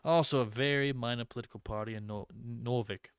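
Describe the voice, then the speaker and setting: Man reading game text aloud, quick reactions. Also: mid-range voice, steady tone, clear, resonant tone, no echo, clean studio sound. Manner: reads the game's narration aloud and breaks off into quick dramatic reactions. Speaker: gamer playing a game demo.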